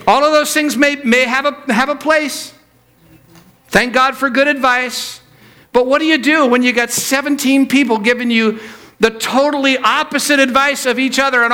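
During a church service, a man preaches from the pulpit, alternating forceful, loud high points with hushed, low-voiced asides.

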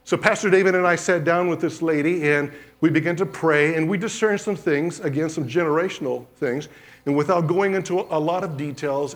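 A pastor, a man, preaching a sermon and telling testimony stories with lively storytelling and acted-out dialogue. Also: a little high. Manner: animated storytelling, acts out quoted dialogue.

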